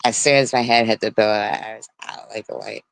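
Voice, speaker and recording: A woman's voice: extremely low pitch, steady tone, a little fast, vocal fry, clear, resonant tone. A woman in her forties telling stories on a casual livestream, blunt and swearing freely. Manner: blunt, heavy swearing, storytelling. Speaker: livestream host.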